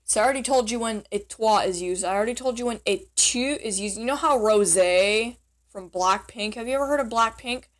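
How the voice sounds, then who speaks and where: A woman's voice: fairly high pitch, fairly quick. A young woman chatting casually in a vlog, teaching basic French phrases in a giggly, rambling, self-deprecating way.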